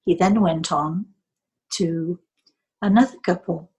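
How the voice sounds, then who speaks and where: An older woman from England, a psychic medium telling a story in a soft, slow way that dips into near whispers. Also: fairly low pitch, husky, poor audio.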